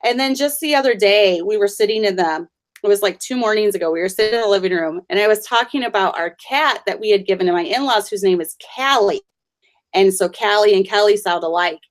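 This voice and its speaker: A woman host of middling pitch tells family stories in a chatty, conversational way. She laughs easily between anecdotes. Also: brisk. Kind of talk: conversational storytelling.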